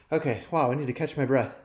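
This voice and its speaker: In a roomy, echoing space, a man addresses viewers of his live youth ministry show directly. His mid-range voice is a bit mellow, and his chat is relaxed and self-deprecating.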